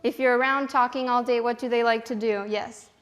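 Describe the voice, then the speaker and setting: A woman's voice: on the high side, fairly quick. A young woman telling a children's story in church, asking the children questions along the way and acting out the characters. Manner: animated, asks the children questions.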